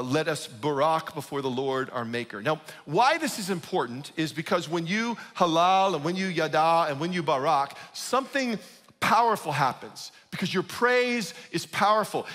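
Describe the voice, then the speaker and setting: A pastor giving a conversational, emphatic sermon, often checking in with the congregation. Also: male voice, high-pitched, a bit bright, long reverb tail. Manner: conversational, emphatic, asks "right?".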